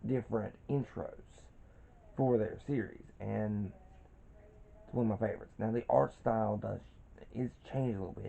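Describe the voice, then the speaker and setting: Gravelly, very dark-voiced young man. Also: medium pitch. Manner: rambling, with frequent restarts and fillers. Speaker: cartoon reviewer. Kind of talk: casual spoken review. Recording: dull lo-fi recording.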